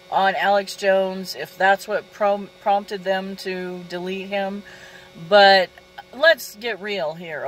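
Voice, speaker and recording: A woman's voice: medium pitch, a bit bright, low-quality recording. A woman ranting angrily straight to her audience, indignant, asking rhetorical questions and repeating "okay?". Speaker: vlogger. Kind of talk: angry direct-to-camera rant.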